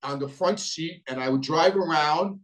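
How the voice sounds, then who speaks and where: A man's voice: fairly high pitch, normal speed, fairly bright tone, lightly acted, poor audio. Man quoting a convict, New York accent, crude, casual. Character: cheerful male convict, cold and crude.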